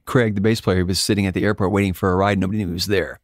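A man from Alaska, a guest musician, telling stories in a casual interview, animated and jumping up high when he quotes others. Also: rapid-fire, no room sound, clean studio sound.

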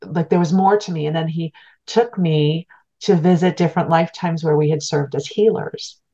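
Low-voiced woman telling a heartfelt story. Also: steady tone, moderate pace, warm tone. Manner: earnest, reflective, repeats words as she restarts. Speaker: podcast guest, spiritual teacher. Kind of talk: storytelling in an interview. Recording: dull lo-fi sound.

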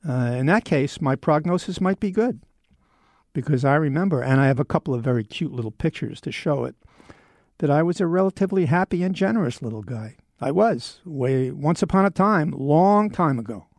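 Old guy in his 70s rambling along, gravelly voice, dry close sound, pokes fun at himself. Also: a little high, expressive, brisk, a little mellow, dry recording. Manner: rambling, self-deprecating, wry. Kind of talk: casual monologue.

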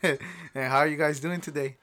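A man's voice: a little high, steady tone, fairly quick. Upbeat man hosting a podcast. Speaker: podcast host. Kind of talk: casual chat.

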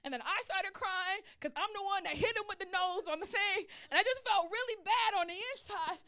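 A woman pastor preaching a sermon, telling a personal story in an animated way and calling out for response. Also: very high voice, brisk.

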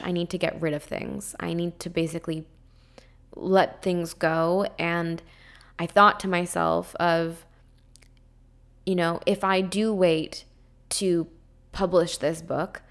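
A woman hosting a podcast, talking on her own in an earnest, heartfelt way, chatty and full of spiritual self-help phrasing. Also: fairly low pitch. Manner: chatty, with frequent "like" and "um". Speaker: podcast host. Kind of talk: casual podcast monologue.

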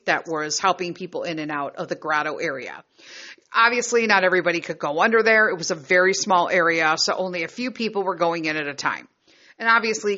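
A middle-aged vlogger and mother tells a story casually, speaking frankly, heatedly and with profanity. Her voice is fairly low in pitch yet bright and edged, and the recording sounds a little muffled and lo-fi.

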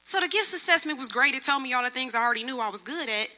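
Bright high-voiced woman preaching. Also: very fast. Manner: lively storytelling, acts out other people's voices. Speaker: church speaker. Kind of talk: sermon testimony.

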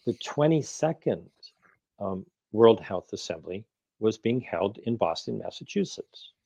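Emphatic man in his sixties, mellow voice. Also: on the low side, big pitch swings, a little slow, vocal fry, breathy edge, no room sound. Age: 60s. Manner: emphatic, argumentative, rhetorical questions. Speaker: activist guest. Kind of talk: interview conversation.

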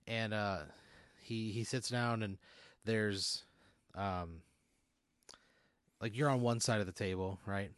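A man narrates an improvised role-play scene as game master, rambling and full of fillers. His voice sits fairly low. The sound is dry and close. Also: slow, pauses often, no room sound.

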